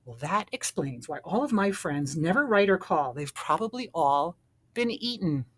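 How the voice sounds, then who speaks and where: A woman voicing a proud, excitable male doughnut who talks high and loud when alarmed. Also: normal speed. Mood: worried.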